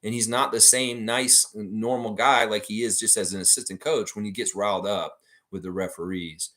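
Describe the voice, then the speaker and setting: A man with a fairly low pitch and normal speed runs a fan livestream. He's animated and foul-mouthed in a casual way, ranting, reading viewer comments and speaking right to the audience.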